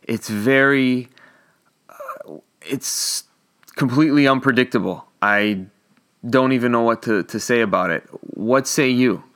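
A man with a smooth, resonant voice chats casually on a podcast over a remote call. He rambles, restarts his sentences and drifts between thoughts. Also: medium pitch, a little slow, pauses often. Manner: rambling, many restarts, relaxed. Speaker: podcast co-host. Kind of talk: casual chat.

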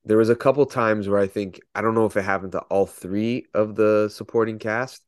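Easygoing, low-voiced man asking questions. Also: steady tone, fairly quick, dry recording, studio quality. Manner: easygoing, asks probing questions, laughs often. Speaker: podcast co-host. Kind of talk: casual chat.

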